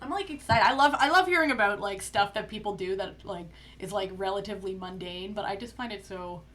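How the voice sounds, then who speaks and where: A woman's voice: mid-range voice, brisk, a bit bright. A young woman from Canada with a slight lisp, co-hosting a live stream and chatting casually while reading the chat aloud. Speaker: streamer co-host. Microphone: streaming mic.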